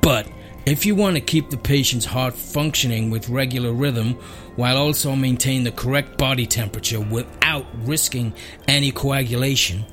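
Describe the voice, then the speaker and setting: A man's voice: medium pitch, in a large hall. A man acting as a formal, stumbling compère in a comedy sketch.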